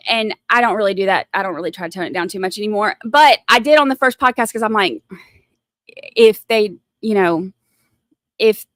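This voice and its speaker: A woman's voice: medium pitch, a bit bright, no room sound. Southern lady rambling on a livestream, lots of ums, dry close mic. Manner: chatty, rambling, with many fillers and restarts. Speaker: livestream host. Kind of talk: casual livestream chat.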